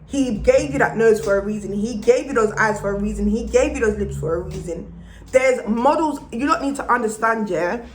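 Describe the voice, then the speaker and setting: A woman's voice: a little high, moderate pace, slight background noise. A young woman giving a blunt, profane motivational vlog rant and slipping into Jamaican-style patois. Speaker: vlogger. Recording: roomy echo.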